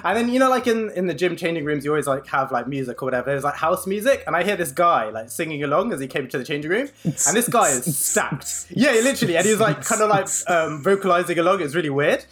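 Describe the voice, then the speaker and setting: A young man telling an anecdote in casual chat, animated and full of fillers. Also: fairly high pitch, fast. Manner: animated storyteller, many fillers.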